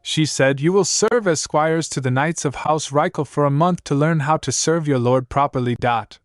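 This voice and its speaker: A man narrating a manhwa recap, reading the story and the characters' lines in one steady voice. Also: a little high, normal speed, dry recording, clean studio sound, soft background music.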